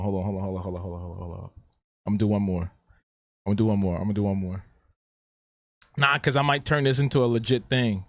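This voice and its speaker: A man's voice: medium pitch, no echo, clean studio sound. A man hosting a live drawing stream, chatting playfully and answering viewers. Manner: playful, talks back to the chat, repeats himself. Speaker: streamer and artist. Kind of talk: casual live-stream chat.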